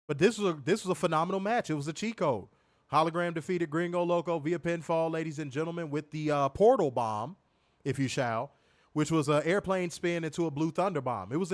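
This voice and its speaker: A man with a fairly high-pitched voice hosts a livestream reviewing wrestling, talking casually with plenty of swearing, repeating himself, and reading viewer comments out loud. There's no echo.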